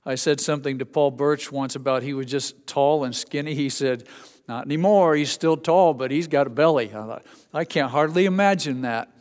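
A man's voice: medium pitch, normal speed, darkish tone. A man preaching a sermon as a pastor, telling folksy stories between scripture. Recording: long hall reverb.

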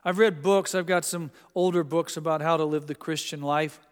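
A man preaching in a church with a clear, resonant voice pitched a little above the usual. He tells stories with gentle humor, and his words ring out with a long hall reverb. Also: steady tone, normal speed. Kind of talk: sermon. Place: church sanctuary.

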